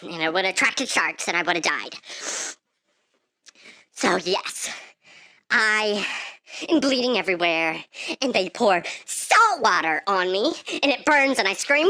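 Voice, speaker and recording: Melodramatic woman with a bright, animated voice. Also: measured pace, long pauses, no echo. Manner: melodramatic, leaps into shrill shouted outbursts. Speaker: vlogger. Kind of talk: dramatic storytime monologue.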